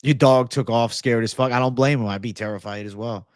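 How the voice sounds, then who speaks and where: Young dude on a livestream, swears a lot, gets hyped, dry close sound. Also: male voice, mid-range voice, brisk, dry recording. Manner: profane, excitable, laid-back bro talk. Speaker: MMA livestream host. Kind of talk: casual livestream chat reading comments.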